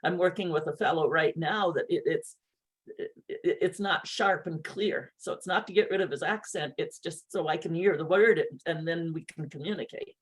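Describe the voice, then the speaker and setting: Woman, speaking coach, warm and enthusiastic, video-call host. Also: on the low side, normal speed, husky. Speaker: speaking coach hosting a session. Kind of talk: encouraging feedback on a video call.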